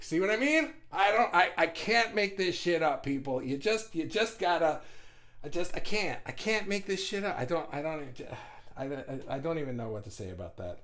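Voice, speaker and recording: Rambling, animated man hosting a live stream. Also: fairly high pitch, moderate pace. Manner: rambling, animated, profane, reads viewer comments aloud. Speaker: livestream host. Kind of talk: casual live-stream monologue.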